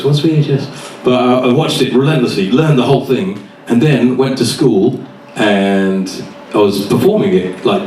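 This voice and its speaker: Stand-up comic in an echoey venue. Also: male voice, mid-range voice. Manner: chatty, swearing, acts out scenes. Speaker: stand-up comedian. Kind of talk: stand-up set. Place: comedy club stage with live audience. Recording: echoey venue, distant mic, faint noise.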